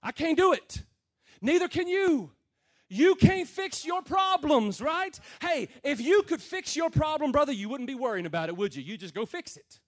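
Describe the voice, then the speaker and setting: A man preaching to a room of men in a notably high voice. He talks plain and folksy, swinging from loud, emphatic calls down to quiet, low murmurs. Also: big pitch swings, normal speed. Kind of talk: sermon to a men's gathering.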